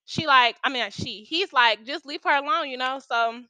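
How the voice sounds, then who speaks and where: A young woman with a high, bright, forceful voice spins a profane, slang-filled story in a casual chat. The sound is dry and close, with no room around it. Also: normal speed, dry recording. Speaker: storytime vlogger.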